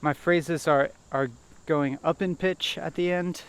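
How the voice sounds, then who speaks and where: A man vlogging as he walks a nature trail, thinking aloud in a halting, hesitant way and repeating words. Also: a little high, fairly even intonation, smooth. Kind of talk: rambling self-reflective monologue while walking. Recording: faint outdoor noise.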